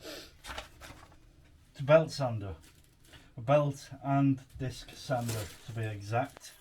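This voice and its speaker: A man talks through an unboxing in a relaxed, rambling way, thinking out loud between pieces. He is recorded in his garage workshop. Clear background noise and clicks sit under his voice. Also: mid-range voice, slow. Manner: chatty and rambling, thinks aloud. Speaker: tool reviewer. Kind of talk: casual chat while unboxing.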